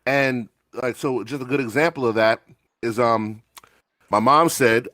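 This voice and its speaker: A man speaking casually at a mid-range pitch, sometimes stumbling and restarting before he launches into a story. He voices the people he quotes as he goes. The sound is dry and close, with no room around it. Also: unhurried, sharp tone, no echo. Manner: storytelling, acts out quotes, frequent stammered restarts. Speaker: guest author. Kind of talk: casual podcast chat.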